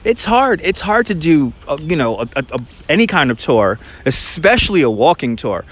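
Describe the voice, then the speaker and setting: This tour guide and livestream host speaks in a Brooklyn accent, holding his phone as he strolls outdoors through a park. He rambles fast and keeps restarting, in a slightly high, sing-song voice with a fairly bright tone.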